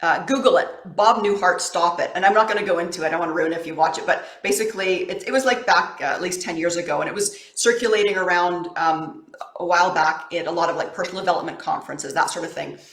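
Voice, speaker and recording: A woman's voice: on the low side, fast, fairly bright tone, echoey room. A woman coach giving a casual motivational talk to camera in an encouraging, affectionate, conversational way.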